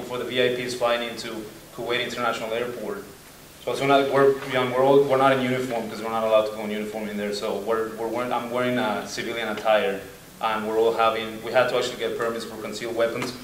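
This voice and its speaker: A man's voice: mid-range voice, fast talker. Laughing accented man, echoey far mic. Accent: non-native accent. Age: young adult. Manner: animated, laughing, acts out voices in anecdotes. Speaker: student veteran panelist. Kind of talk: casual storytelling at a panel. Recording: echoey room, mic far off, faint noise.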